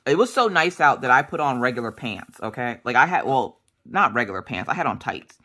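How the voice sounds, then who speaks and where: Woman, casual crafting chat, rambling storyteller, bright tone. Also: rumbling low, big pitch swings, brisk. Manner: rambling storyteller, acts out family dialogue. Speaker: crafting vlogger.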